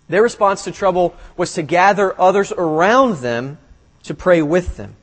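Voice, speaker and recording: A man preaching a sermon, reading scripture aloud and then retelling the story with lively emphasis before dropping quiet for his points. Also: moderate pace. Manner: reads scripture, then retells it animatedly, drops low for emphasis. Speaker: pastor.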